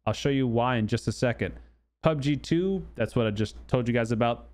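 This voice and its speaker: A man's voice: medium pitch, a little fast, darkish tone. A man hosting a gaming channel, talking loosely through game news with many fillers and restarts. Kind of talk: casual commentary on game news.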